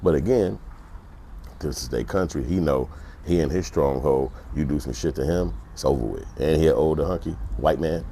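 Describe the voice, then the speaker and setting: A man with a very deep, gravelly voice tells stories and gives his opinions in a blunt, profane way. He is middle-aged and talks casually to his viewers. There is faint noise in the background. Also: normal speed, mellow. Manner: profane, blunt, acts out other people's voices. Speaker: vlogger. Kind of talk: casual storytelling commentary.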